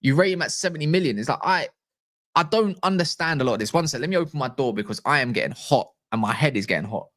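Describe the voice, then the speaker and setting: A man's voice: a little high, animated, fast talker, a bit bright. A man hosting a football channel, talking casually to camera in a rambling way with exasperated rhetorical questions.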